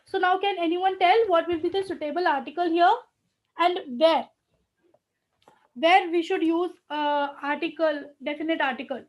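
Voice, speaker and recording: A woman's voice: very high voice, measured pace. A woman teaching grammar in a live online class, explaining step by step and often checking in with "okay".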